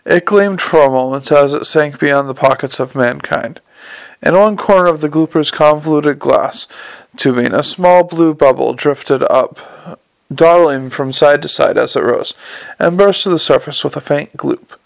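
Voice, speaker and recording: A man narrating an audiobook in a dry, measured storytelling manner. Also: on the high side, creaky, dry recording.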